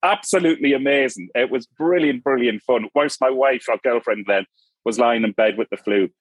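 A man's voice: medium pitch, moderate pace, breathy edge, dry recording. A middle-aged Geordie man from Newcastle, a podcast guest chatting casually and wandering off on tangents. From Newcastle, northeast England. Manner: rambling storyteller, goes off on tangents. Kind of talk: casual chat.

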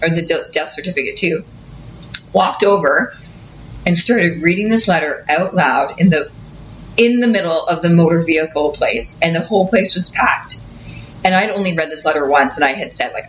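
A woman co-hosting a podcast, candidly retelling a painful personal story in an emotional, animated way. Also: deep voice, normal speed. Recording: slightly dull audio with faint noise.

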